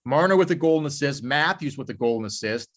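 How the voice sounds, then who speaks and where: A man talks hockey in loose, unhurried podcast chat, rambling through thoughts and swearing freely. His voice sits in an ordinary middle register. The recording is somewhat dull and lo-fi. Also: mid-range voice, expressive. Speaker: podcast co-host. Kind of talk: casual sports chat. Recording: slightly dull lo-fi audio.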